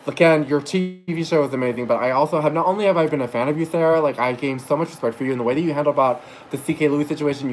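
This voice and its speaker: A man's voice: a little high, a little hiss or hum, rough recording. A man telling a story in a casual vlog, gushing and rambling, with restarts and casual swearing. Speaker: vlogger.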